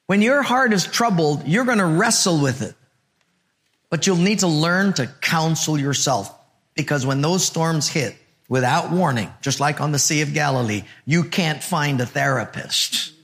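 Male pastor, gravelly, fairly high voice; animated sermon storyteller. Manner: animated storyteller, drops to a hushed murmur when acting out inner thoughts.

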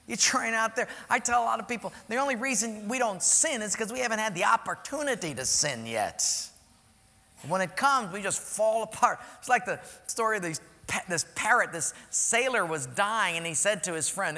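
Male pastor, high bright voice with gravel, animated sermon storytelling. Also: normal speed, in a large hall. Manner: animated storytelling, swings loud and soft.

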